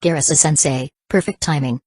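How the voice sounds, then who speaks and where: A calm, considerate young man explains himself politely, as a woman reads his part. The voice is low and the recording is dry and close. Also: a little fast, slightly rough, no echo.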